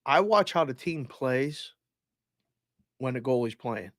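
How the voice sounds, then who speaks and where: A man co-hosting a sports podcast, a former player and youth coach, explaining hockey in a measured, wry way. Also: medium pitch, animated, no echo, studio quality. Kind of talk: casual sports talk.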